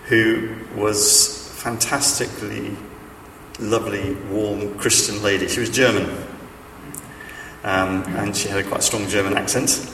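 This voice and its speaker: A man preaching in a chatty, storytelling way, stumbling through fillers and restarts with a wry, self-mocking humor. His fairly low voice carries through a long-echoing church hall, picked up from a distance, with a faint hum of room noise beneath. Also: steady tone, measured pace, a bit bright. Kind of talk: sermon with stories. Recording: echoey hall, speaker off-mic.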